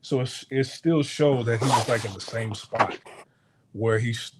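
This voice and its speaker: A man's voice: medium pitch, a little slow, background noise. A man hosting a casual podcast monologue, rambling through a story with frequent restarts and stammers, acting out the lines of the people he quotes. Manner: animated retelling with acted-out quotes. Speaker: podcast host. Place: hotel abroad.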